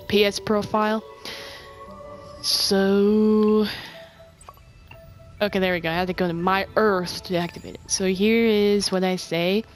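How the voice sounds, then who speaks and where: A woman giving casual gameplay commentary for her video, rambling and halting with many restarts. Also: medium pitch. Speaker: game video creator.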